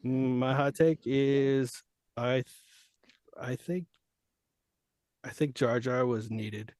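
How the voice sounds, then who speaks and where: A man's voice: medium pitch, steady tone, slow, darkish tone, no echo. A male guest voice actor chatting casually on a podcast in a laid-back, surfer-dude way.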